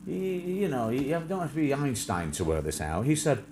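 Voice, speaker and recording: Lively chatty man, noisy line. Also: medium pitch, a little fast, hardly any pauses. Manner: chatty, jokey, laughs often, many restarts. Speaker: live stream host. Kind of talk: casual rambling chat.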